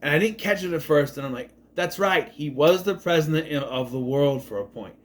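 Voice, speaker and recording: A man's voice: fairly high pitch, animated, fairly quick. A man giving a casual, enthusiastic spoken review of a TV show, rambling and often correcting himself.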